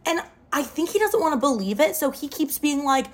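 A woman's voice: high-pitched, big pitch swings, a little fast. A young woman telling a wild personal story to camera, dramatic and full of "like". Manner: dramatic retelling, often says "like". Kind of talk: storytime vlog.

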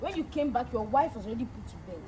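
A woman playing a stern young female prophet, delivering slow, solemn pronouncements. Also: on the high side, lively intonation, a crowd in the background, lightly acted, poor audio. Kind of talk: skit drama acting.

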